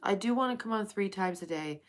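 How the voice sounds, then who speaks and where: A woman's voice: medium pitch, brisk. A woman live streaming at night, chatting casually with viewers and calling them honey and darling.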